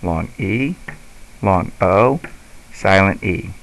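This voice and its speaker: A male teacher giving a slow, patient instructional lesson. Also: low voice, expressive, a bit bright, a little hiss or hum, rough recording.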